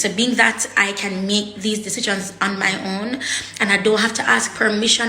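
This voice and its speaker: A woman vlogger's mid-range voice sounds pushed and bright as she talks personally and candidly to camera. She is blunt and emotional, cursing often and repeating herself as she searches for words. The room is echoey.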